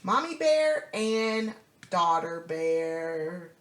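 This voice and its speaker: Slow sing-song woman reading a picture book. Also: lowish voice, big pitch swings, roomy sound. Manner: slow, sing-song and encouraging, asking questions. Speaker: storybook reader.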